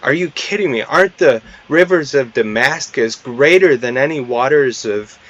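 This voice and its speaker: A man's voice: mid-range voice, moderate pace, a bit bright, muffled recording, natural voice. A man voicing an indignant, proud army commander who fires off heated, exasperated rhetorical questions.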